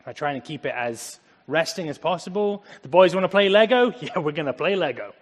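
An English man with an English accent giving a casual, conversational Bible talk, animated and acting out little asides. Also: a little high, fairly quick, big-room sound. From England. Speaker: Bible teacher.

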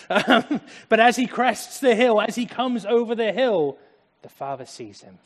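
A man preaching a sermon, dramatic, swinging from loud emphasis to hushed tones. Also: high-pitched, lively intonation, unhurried. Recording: echoey hall.

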